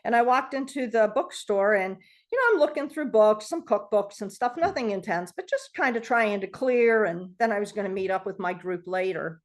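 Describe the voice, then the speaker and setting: Animated middle-aged woman telling a story. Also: mid-range voice, normal speed. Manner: animated storytelling, acts out quoted voices, laughs often. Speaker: guest speaker on self-healing. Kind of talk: storytelling talk to a group.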